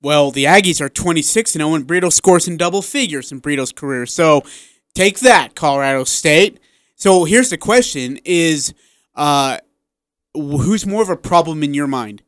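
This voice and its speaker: A man with a slight lisp co-hosting a sports talk radio show, animated and piling up examples in quick bursts. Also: on the high side, no room sound, studio quality. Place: radio studio.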